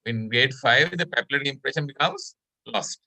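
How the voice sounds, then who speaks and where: A man's voice: mid-range voice, normal speed, pushed and bright. A Sri Lankan man teaching a medical class online, explaining step by step and often checking in with "right?". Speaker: medical lecturer.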